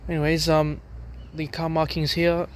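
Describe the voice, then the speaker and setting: Young aussie guy rambling about trains on a platform, kinda high voice, bit of outdoor noise, lozenge in his mouth. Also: completely flat delivery, moderate pace. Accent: Australian. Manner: rambling, hesitant, with fillers and restarts. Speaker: trainspotting vlogger. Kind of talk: casual walking commentary.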